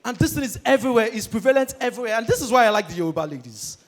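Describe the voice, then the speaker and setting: Young Nigerian man, stand-up comic, high-pitched, animated delivery. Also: rapid-fire. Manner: animated, shouty, acts out characters. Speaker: stand-up comedian. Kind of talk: stand-up comedy set. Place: stage before a live audience.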